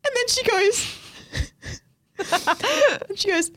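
A woman's voice: extremely high pitch, lively intonation, extremely slow, fairly bright tone. A young Australian woman co-hosting a podcast, blunt and teasing, swearing freely in casual chat. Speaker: podcast co-host.

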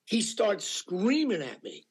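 A male actor telling anecdotes in a casual interview, animated and full of fillers, acting out what people said. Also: high-pitched, takes it slowly, husky. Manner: animated storyteller with many fillers, acting out quotes. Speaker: actor guest.

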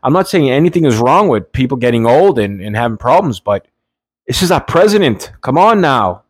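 A man's voice: medium pitch, very animated, fairly quick, slightly rough, dry recording, studio quality. A man hosting his own show, talking off the cuff in a blunt, profane, rambling rant full of restarts. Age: adult, has nieces and nephew. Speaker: podcast host. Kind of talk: unscripted solo political rant.

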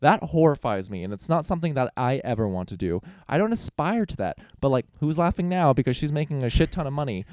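A man co-hosting a casual podcast chat, talking in a measured way and thinking aloud with some hesitation. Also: mid-range voice, expressive, a little mellow, no room sound, studio quality. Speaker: podcast co-host.

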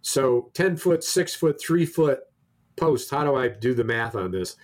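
A man telling a long anecdote in casual conversation, animated, stumbling over restarts and acting out the quoted dialogue. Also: medium pitch, a little slow. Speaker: storyteller in a conversation.

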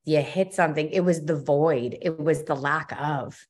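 A young woman talking as a podcast guest, expressive and a bit scattered, often restarting her sentences. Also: low voice, moderate pace. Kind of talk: emotional personal conversation.

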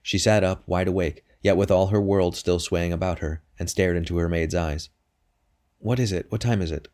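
A man with a very deep voice narrates a novel. His reading is measured and steady, in a scripted audiobook style.

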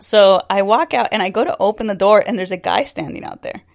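A woman's voice: medium pitch, a little fast, creaky, a little mellow. A woman co-hosting a podcast, telling a story in a wry way, laughing often and swearing casually. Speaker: podcast co-host.

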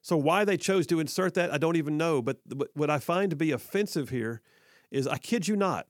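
A man's voice: a little high, brisk, dry recording, studio quality. A man hosting a talk radio show, delivering an emphatic, sarcastic opinion monologue that repeats for effect.

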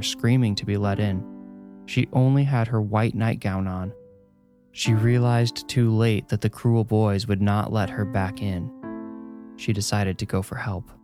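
A man voicing a troubled mother who tells a grim old tale in a low, even tone. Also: close to an everyday voice. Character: worried mother, scolding then mournful. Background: music.

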